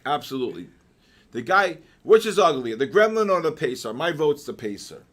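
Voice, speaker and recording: An older man hosting a live market trading session, mixing chart talk with joking stories and loud exclamations. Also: a little high, very animated, moderate pace. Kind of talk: live trading commentary and casual chat.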